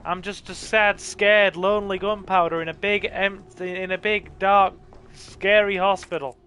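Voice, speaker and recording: Man putting on a pleading gunpowder child, high and whimpering, game commentary bit. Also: fairly even intonation, measured pace, sharp tone, a little hiss or hum. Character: scared lonely little gunpowder child.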